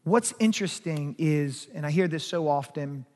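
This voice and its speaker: A man's voice: fairly high pitch, moderate pace, darkish tone. A man preaching a sermon as pastor, emphatic, rising and falling in force. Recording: long hall reverb.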